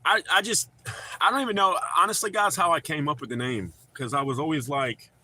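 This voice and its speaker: He's a livestream host talking from home among his dogs, a little high-pitched, fairly quick, pushed and bright, with no room sound. Not a North Carolina native despite the accent, he jokes, wanders off topic and swears a lot.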